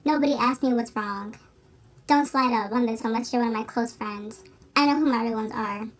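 A woman's voice: high-pitched, steady tone, rapid-fire, pitched above the performer's own voice, natural voice. A woman mocking a sulky attention-seeker. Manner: sulky, dramatic. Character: whiny attention-seeking social media poster.

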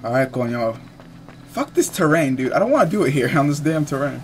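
Loud, lively young man trash-talking. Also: medium pitch, fairly quick. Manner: loud, profane, jokey trash talk. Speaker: gamer. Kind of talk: casual gameplay banter. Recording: noisy recording.

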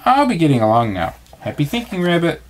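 A man's voice: a little high, very animated, fast talker, voice pushed up. A man voicing a pompous, long-winded old male owl in a bedtime storybook reading. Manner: long-winded, self-satisfied.

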